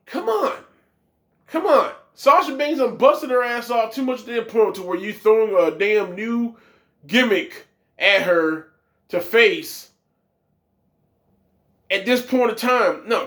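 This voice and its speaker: A man reviewing a wrestling show, ranting with profane, exasperated commentary. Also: very high voice.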